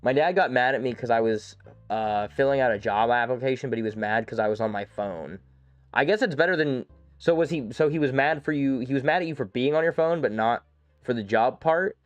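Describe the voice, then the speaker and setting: A man streaming a game, chatting casually and rambling through stories with quick asides. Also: medium pitch, no echo, lo-fi sound. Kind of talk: casual live-stream chat.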